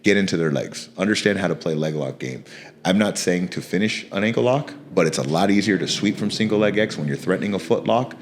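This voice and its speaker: Low-voiced laid-back man saying bro. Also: expressive, fast, a little hiss or hum. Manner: laid-back, slangy, calls people bro and dude. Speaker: jiu-jitsu coach and podcast host. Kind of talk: casual podcast chat.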